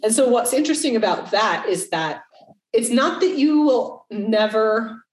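A woman's voice: on the high side, lively intonation, unhurried. Candid, swearing woman podcaster. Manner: candid, swears freely, acts out quoted voices. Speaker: podcast co-host. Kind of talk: casual podcast chat. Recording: roomy, slightly distant mic.

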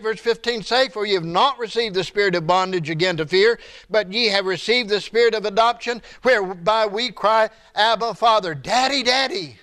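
A pastor delivers a sermon in a high-pitched, conversational voice. He moves between quiet asides and raised, pleading emphasis as he speaks to his church. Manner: conversational preaching, rises and drops in pitch for emphasis.

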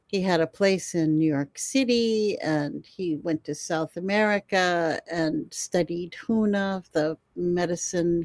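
An older woman telling her stories with animated, expressive energy, often breaking into laughter. Her voice sits on the lower side and sounds dry and close to the mic, with hardly any room sound. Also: no echo. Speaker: herbalist guest. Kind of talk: storytelling in a conversation.

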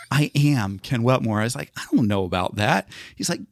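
A man co-hosting a podcast, telling a story in a lively way, acting out the people he quotes and laughing often. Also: medium pitch, moderate pace, no room sound, clean studio sound. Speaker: podcast co-host, former news reporter. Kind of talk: casual storytelling chat.

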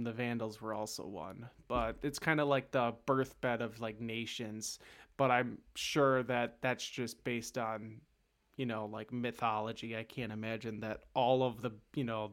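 A man hosts a laid-back history podcast. He talks in a chatty way and hedges a lot with fillers. His voice is smooth and resonant, sitting at a middle pitch. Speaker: podcast host. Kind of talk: casual history podcast chat.

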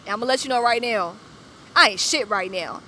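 A laid-back young man tosses slangy pickup lines at a passerby, as a Southern-accented woman quotes him. The voice is bright and fairly high. He sounds easy and casual about it. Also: fairly quick, slight background noise. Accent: Southern US, Atlanta.

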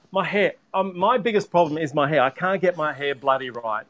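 A middle-aged Australian man chatting as a livestream panel guest. His voice sits fairly high and he talks with keen, emphatic energy. It is relaxed, casual panel talk. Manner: enthusiastic, emphatic, quick bursts of laughter.

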